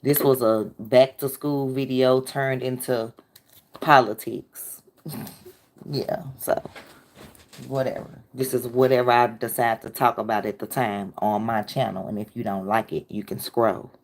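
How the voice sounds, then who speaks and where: A woman's voice: rumbling low, fairly even intonation, a little slow. A woman hosting a casual livestream, talking bluntly and answering her chat directly. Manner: blunt, talks back to chat. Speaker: livestream host.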